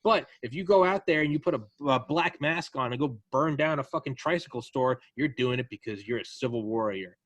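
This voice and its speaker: Animated, profane man on a podcast. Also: mid-range voice, fairly quick, few pauses, no echo. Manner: animated, profane, acts out quoted people. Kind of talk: casual political chat.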